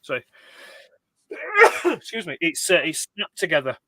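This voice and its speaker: A man's voice: on the high side, huge pitch swings, a little slow, pushed and bright, dry recording. A man co-hosting a casual chat about toys, rambling with many restarts. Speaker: co-host of a toy collector chat.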